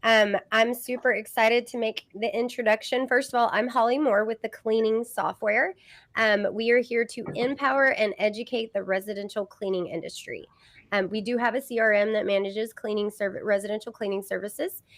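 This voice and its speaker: A woman's voice: fairly high pitch, steady tone, normal speed, dry recording. A woman with a Southern accent hosting a live business podcast, chatty with many fillers. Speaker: host.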